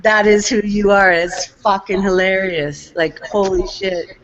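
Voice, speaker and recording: A woman's voice: medium pitch, steady tone, unhurried. A woman from Canada, rambling and swearing in an effusive way during a casual voice chat. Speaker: chat participant. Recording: lo-fi online voice chat.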